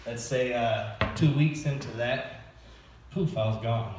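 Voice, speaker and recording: A man's voice: medium pitch, slow pace. A male stand-up comic rambles through a self-deprecating set at a church open mic night. His voice sits in a plain middle range and is picked up from a distance. The hall around him rings with heavy echo under a faint hiss. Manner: nervous, self-deprecating, rambling with fillers and laughs. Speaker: stand-up comedian. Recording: echoey hall recorded from far off.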